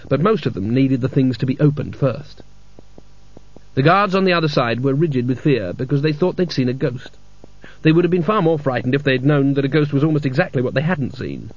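Husky male audiobook narrator, dull lo-fi. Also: mid-range voice, dry recording. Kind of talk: scripted narration.

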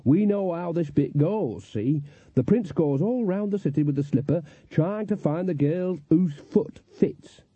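A man performing a cheerful, earthy old witch who chatters cheekily in rustic grammar. His voice climbs noticeably above his usual register while keeping a dark, husky grain. The storybook recording is dry and a little lo-fi. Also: fairly high pitch, lively intonation, a little slow, no echo, voice pushed up.

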